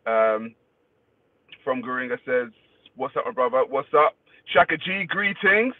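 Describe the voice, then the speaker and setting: A man's voice: mid-range voice, lively intonation, a little slow, pauses often, no room sound. A man hosting a casual livestream, greeting viewers by name, reading their comments and swearing freely. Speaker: livestream host. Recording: dry, phone-like thin sound.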